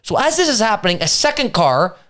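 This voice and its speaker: A young man co-hosting a podcast, telling a story in casual chat and acting out the shouting of the people in it. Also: high voice, brisk. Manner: animated storyteller, acts out quoted yelling. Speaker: podcast co-host.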